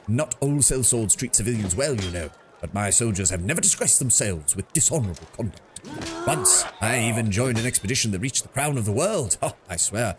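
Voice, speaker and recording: A man's voice: on the low side, noisy background, close to an everyday voice. A man voicing a pompous, proud male mercenary captain with a put-on British accent and grand, boastful speech.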